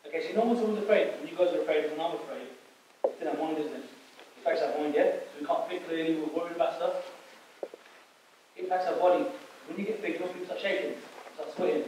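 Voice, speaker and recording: Quick high-voiced man, echoey hall. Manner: storytelling, asks the audience questions, laughs often. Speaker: camp speaker. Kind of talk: lively talk to a youth audience. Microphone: distant microphone. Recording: echoey hall from far off, noisy.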